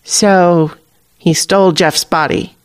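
A man's voice: sits high, fairly even intonation, takes it slowly, smooth, no room sound. A man voicing a dry, impatient young witch. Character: wry, tired young woman witch.

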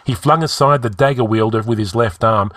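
A man reading a heroic fantasy story aloud in a measured, dramatic style. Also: medium pitch, a bit bright, dry recording. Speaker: story narrator.

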